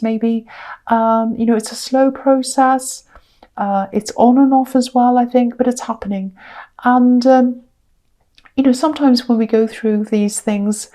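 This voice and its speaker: Woman doing a tarot reading to camera, kinda high voice but mellow, lots of ums and repeating herself. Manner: emphatic, repeats words, frequent ums, sometimes drops to a whisper. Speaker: tarot reader. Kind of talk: tarot reading addressed to the viewer.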